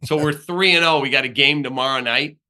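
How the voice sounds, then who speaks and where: A man who is a podcast guest, telling animated sports stories and acting out the people he quotes, in a podcast studio. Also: medium pitch, brisk. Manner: lively storyteller who acts out the people he quotes.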